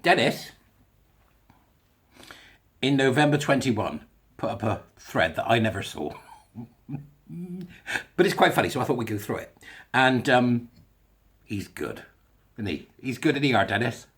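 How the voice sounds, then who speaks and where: A man's voice: medium pitch, expressive, normal speed, pauses often, a bit bright. A man giving casual, mocking solo commentary, chuckling through chatty asides. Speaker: online commentator.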